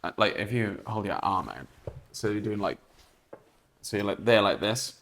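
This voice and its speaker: A man's voice: lowish voice, expressive, moderate pace, gravelly, a bit bright. A magician in casual chat who teases his friends and acts out lines of dialogue as he explains a trick.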